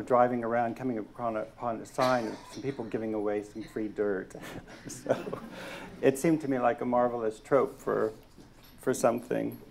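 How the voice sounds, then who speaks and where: Slow, measured man reading poetry. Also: mid-range voice, gravelly, darkish tone, slight background noise. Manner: slow, hesitant between poems, measured when reading. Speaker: poet reading his work. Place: lecture hall.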